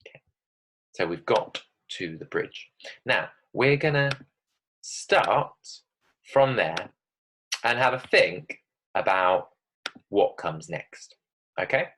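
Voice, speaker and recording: Man teaching a writing lesson, lively. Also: on the low side, slow, pauses often, a little hiss or hum, poor audio. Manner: lively, emphatic, checks in with "okay?"; dramatic reading of example text. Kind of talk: recorded online writing lesson.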